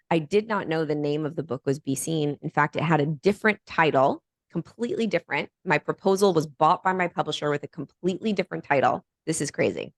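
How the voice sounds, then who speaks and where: A woman guest on a podcast telling a personal story in a lively, animated way. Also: deep voice, gravelly, no echo, studio quality. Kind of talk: storytelling in conversation.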